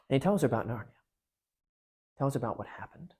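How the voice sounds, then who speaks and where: A man's voice: mid-range voice, lively intonation, fairly quick, pauses often, mellow, husky. A man at a parish retelling a novel and reading from it aloud, in a chatty, joking way. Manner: chatty, jokey, many fillers. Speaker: parish speaker.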